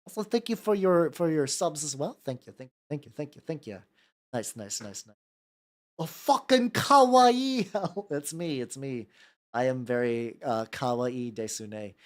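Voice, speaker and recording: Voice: medium pitch, normal speed, a little mellow. A miniature-painting streamer chatting casually and rambling, swearing freely and repeating greetings to viewers while working at a home hobby desk.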